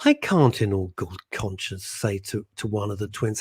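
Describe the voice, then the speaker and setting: A man's voice: fairly low pitch, expressive, moderate pace, few pauses, a little mellow, breathy edge. A man hosting a radio show, blunt and jokey as he reads out listener messages. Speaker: radio host. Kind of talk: casual radio chat.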